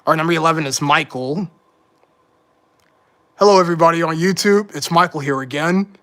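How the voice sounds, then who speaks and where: This livestream host's voice sits a little high, bright and pushed, moving at normal speed. He wanders through casual live commentary, correcting himself as he goes with a touch of frustration.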